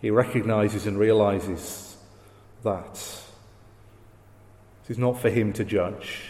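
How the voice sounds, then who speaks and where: A man preaching a sermon, slow and emphatic, leaning on repeated phrases. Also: lowish voice, darkish tone. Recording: roomy hall echo.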